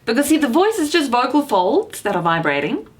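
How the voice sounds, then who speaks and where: A woman's voice: fairly high pitch, very animated, fairly quick. A voice coach and actor, a woman, teaching how to project the voice, speaking emphatically and encouragingly. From South Africa. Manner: emphatic, encouraging, demonstrates shouting. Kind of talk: vocal coaching lesson to camera.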